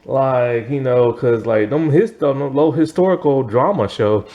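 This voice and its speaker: A man's voice: unhurried, lo-fi sound. A man talking casually as a TV review vlogger, chatty and meandering, with lots of "like" and "you know.". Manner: animated, swooping pitch. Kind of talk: casual chat.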